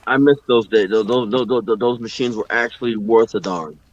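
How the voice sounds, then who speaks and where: A man's voice: lowish voice, fairly quick, highs cut off. A man talking bluntly in a casual podcast chat, often stammering and repeating words.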